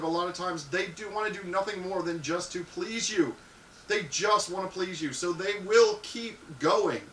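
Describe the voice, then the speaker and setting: A man hosting a live show, giving crude, frank advice to viewers and acting out loud little scenes. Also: a little high, distant mic. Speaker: live show host answering viewer questions. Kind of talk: casual live-stream advice talk. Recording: echoey room, off-mic, faint hiss.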